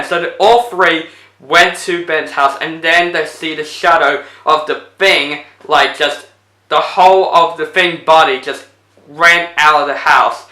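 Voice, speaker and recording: A man's voice: on the high side, steady tone, takes it slowly, sharp tone, roomy sound, rough recording. A man casually retelling a movie plot as a reviewer, rambling with lots of fillers. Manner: rambling, full of fillers like 'basically'.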